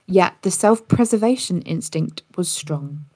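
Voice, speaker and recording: A woman's voice: lowish voice, lively intonation, measured pace, darkish tone, dry recording, clean studio sound. A woman narrating a story in a casual podcast style, with occasional slips and restarts.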